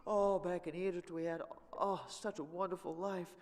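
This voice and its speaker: A man's voice: high-pitched, fairly even intonation, moderate pace, pitched above the performer's own voice, lightly acted. A man voicing a whining Israelite man, tired of manna and complaining in a sing-song way. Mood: whiny. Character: whiny grumbling Israelite man, sick of manna. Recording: long reverb of a church hall.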